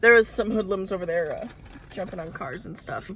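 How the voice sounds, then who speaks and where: A woman's voice: mid-range voice, brisk, noisy background. A woman co-hosting a late-night vlog from inside a car, giggly and playful as she chats. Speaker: vlog co-host. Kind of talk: casual chat while driving.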